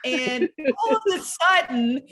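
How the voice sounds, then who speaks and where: A woman co-hosting a casual podcast chat, excitable and quick to laugh. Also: high voice. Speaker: podcast co-host.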